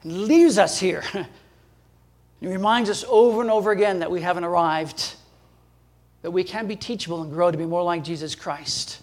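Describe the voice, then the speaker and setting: A man preaching a sermon as pastor, emphatic, with sudden jumps in pitch and loudness and chuckles between points. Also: normal speed, pauses often.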